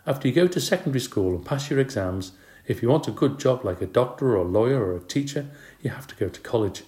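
A breezy, sly young woman babysitter, as a man puts her on in a storybook reading. She sounds raised in pitch and teasing, clever and unhurried. The voice rings in an echoey room. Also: expressive, dark tone, natural voice.

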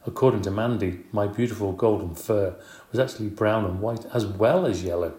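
A man reading a children's storybook aloud in an expressive, brisk way. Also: on the low side. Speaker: audiobook narrator. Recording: roomy echo.

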